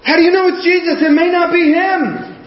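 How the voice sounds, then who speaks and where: A preacher putting on panicked, pleading disciples. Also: male voice, steady tone, a little fast, a little hiss or hum. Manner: high anxious pleading. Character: panicked fisherman disciples, men, frightened and pleading. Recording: echoey muffled room recording.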